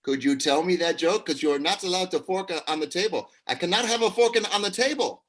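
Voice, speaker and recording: A man, an acting teacher, hosting a live improv show over a video call, upbeat and quick, laughing often. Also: high voice, a bit bright.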